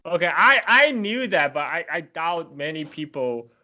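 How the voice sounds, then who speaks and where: A man hosts a podcast in relaxed conversation with his guest. His voice is bright and sits somewhat high for a man. He talks in a chatty way and laughs easily between phrases. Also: measured pace. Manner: chatty, laughs often while talking. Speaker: podcast host. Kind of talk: casual conversation.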